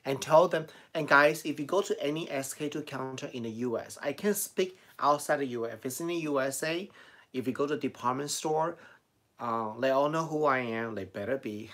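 A man's voice: medium pitch, normal speed, a bit bright. A middle-aged man with a Chinese accent, chatting casually on a live stream, reading out and answering viewer comments and laughing often. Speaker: beauty vlogger answering live chat.

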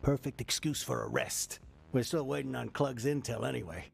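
A man voicing a gravelly, raspy old alien. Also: mid-range voice, sing-song, moderate pace, exaggerated voice. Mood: bossy.

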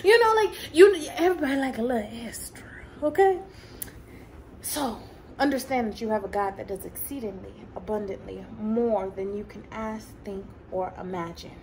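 A woman giving a fervent motivational faith talk as a Christian coach. She slows down to stress key words and drops in casual asides and little laughs. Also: mid-range voice, darkish tone, slight background noise, poor audio.

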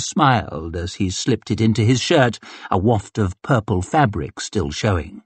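Breathy, wry male audiobook narrator. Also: lowish voice, lively intonation, a little slow, few pauses, dry recording. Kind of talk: scripted narration.

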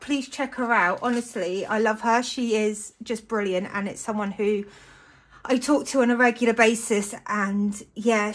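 A British woman in a casual budgeting vlog, chatty and gushing, often breaking into excited exclamations. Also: mid-range voice. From United Kingdom. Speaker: budgeting vlogger. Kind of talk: casual chat to camera.

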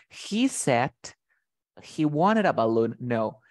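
Slow-talking man teaching English vocabulary. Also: medium pitch, animated. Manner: patient, repeats points and checks understanding. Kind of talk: bilingual vocabulary lesson with a student.

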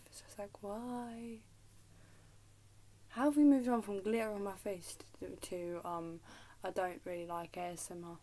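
A woman's voice: on the low side, dark tone, slight background noise. A young woman with an English accent, chatting casually to camera at home, giggling and dropping into whispers. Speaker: vlogger. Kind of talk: casual rambling chat to camera. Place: at home in her room.

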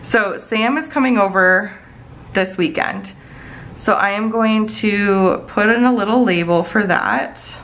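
Over poor audio, a woman in her thirties speaks slowly in a medium-pitched, fairly bright voice. She's a planner vlogger chatting casually from her home office during a plan-with-me session, rambling with many fillers.

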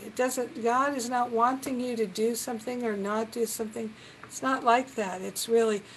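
A woman leading a reflective spiritual talk on a live group call, gentle and earnest, now and then acting out the voices she quotes. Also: on the high side, a little hiss or hum, poor audio.

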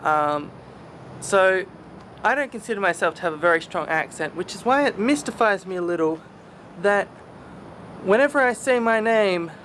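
Chatty young Australian man, high voice. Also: expressive, fairly quick, a bit bright, slight background noise. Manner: rambling and self-deprecating, with many fillers. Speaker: vlogger. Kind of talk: casual vlog chat.

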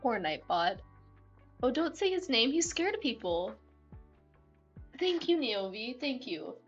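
A woman's voice: a little high, a little slow, highs cut off, faint music behind. Bubbly, giggly young woman streamer. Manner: bubbly, expressive, giggly, rambling. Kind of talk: casual live-stream chat. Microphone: desktop mic, no webcam.

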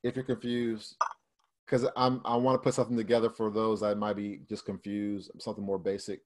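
A man's voice: lowish voice, little pitch movement, fairly quick, darkish tone. A man teaching a group over a video call in a casual, conversational way, often restarting and repeating himself as he explains. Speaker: Bible Hebrew teacher. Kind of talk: casual online study session. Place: online fellowship call.

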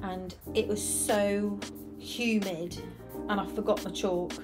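A young woman talks slowly while she draws on stream, rambling and correcting herself as she goes. She sounds worn out, and her thoughts wander back and forth. Music plays clearly behind her voice. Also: mid-range voice, fairly even intonation. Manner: rambling, self-correcting, chatty. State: tired. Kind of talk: casual chat while drawing.

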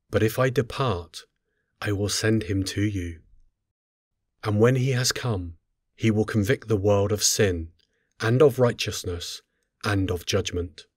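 A man reading scripture aloud in a solemn, measured, unhurried way. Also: on the low side, a little mellow, no echo, studio quality. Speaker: scripture reader.

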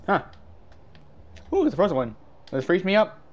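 A man giving casual gameplay commentary, excitable and yelping at every mishap, with a stuffy nose. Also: high-pitched, moderate pace, a little hiss or hum. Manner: excitable, yelps and shouts at mishaps. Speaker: gaming YouTuber.

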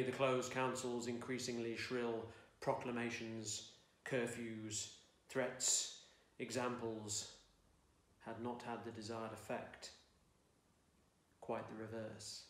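A man reads aloud from his own fantasy novel in an expressive audiobook style, dry and wry in his storytelling. His voice sits in an ordinary middle pitch. The recording carries a noticeable roomy echo, as if made in a room at home. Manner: dry, wry storytelling, belting out the shouted lines of dialogue. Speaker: author reading his own fiction.

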